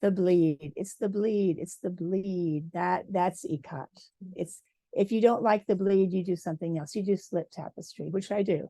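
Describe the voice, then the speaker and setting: A woman from Michigan, a textile artist, giving a lively personal talk at a symposium and acting out quoted dialogue. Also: fairly low pitch, normal speed, dry recording. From Michigan, USA. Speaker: guest speaker, textile artist.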